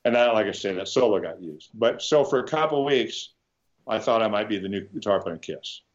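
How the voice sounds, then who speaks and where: A guitarist from Nebraska, with a lowish voice and a brisk delivery, tells meandering stories in a laid-back interview. He keeps restarting, curses occasionally, and stays animated throughout; the recording's highs are cut off.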